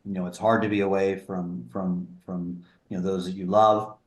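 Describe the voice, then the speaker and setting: A man in his sixties, speaking as an interview guest over a video call in an earnest, sober, halting way. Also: low-pitched, level tone, echoey room. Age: 60s. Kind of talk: interview conversation. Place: remote room in a small town.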